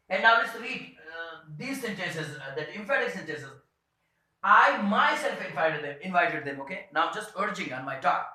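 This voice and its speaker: A man teaching a grammar lesson, hesitant with many fillers, slowing down to read example sentences aloud. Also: on the high side, animated, pushed and bright. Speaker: English teacher. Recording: very echoey room.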